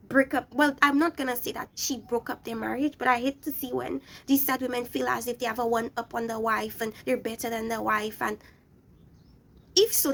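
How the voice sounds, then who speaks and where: In a blunt, scolding rant, a young woman reviews a reality show, addressing the very people she's criticizing. Her voice is high and creaky.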